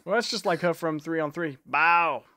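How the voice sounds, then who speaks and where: Wry man with a slightly high voice. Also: fast, fairly bright tone. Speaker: co-host. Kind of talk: casual live chat.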